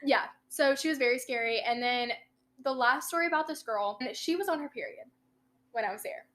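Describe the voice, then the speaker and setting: A woman's voice: sits high, fairly quick, fairly bright tone. A young woman co-hosting a podcast, telling stories in casual, profane chat and acting out quoted lines. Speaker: podcast co-host.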